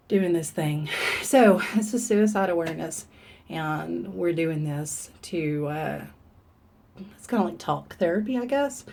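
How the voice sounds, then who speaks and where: A woman talks to camera in a confessional vlog, her voice mellow and slightly husky. She is earnest and halting, often restarting her thoughts as she opens up. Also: fairly low pitch. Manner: earnest, halting, openly emotional. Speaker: vlogger. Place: room in the dark.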